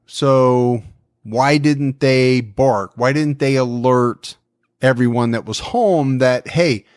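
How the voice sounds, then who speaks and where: A man's voice: medium pitch, fairly even intonation, a little mellow, no echo, studio quality. A man co-hosting a true-crime podcast, talking through a case in a musing, conversational way. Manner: musing, conversational, quick to laugh. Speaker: podcast co-host.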